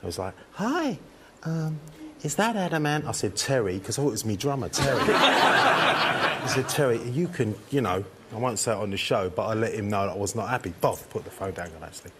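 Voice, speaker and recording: A man telling a lively, chuckling anecdote. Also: lowish voice, fairly quick, a little hiss or hum. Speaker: musician. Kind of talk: casual anecdote.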